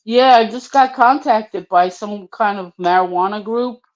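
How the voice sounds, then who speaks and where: A woman's voice: medium pitch, measured pace, dull audio. Profane older woman spinning a story. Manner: profane, animated, acts out voices in her story. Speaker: storyteller guest. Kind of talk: casual anecdote telling.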